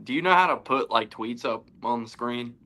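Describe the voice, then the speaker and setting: A man's voice: mid-range voice, moderate pace, pushed and bright. A young man co-hosting a casual sports chat, talking loosely with lots of fillers. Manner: loose, filler-heavy talk. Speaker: co-host.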